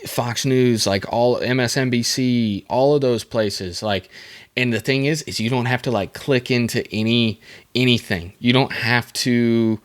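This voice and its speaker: In an unhurried, medium-pitched voice, a young man delivers a casual solo podcast monologue into a desk microphone. He rambles, cracks self-deprecating jokes, and uses lots of fillers and restarts.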